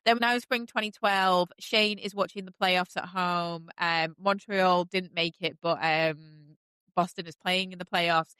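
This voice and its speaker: Chatty woman with a smooth, low voice. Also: steady tone, a little slow, bright, forceful tone, no echo. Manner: chatty and enthusiastic, many fillers. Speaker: podcast host. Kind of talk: casual recap chat.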